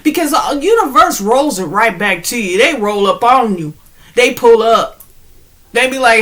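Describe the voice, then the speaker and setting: Woman spiritual vlogger, high bright voice, animated, slangy, preachy and laughing. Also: takes it slowly, pauses often. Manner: preachy, addresses viewers directly. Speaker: spiritual channel host. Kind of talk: casual spiritual pep talk.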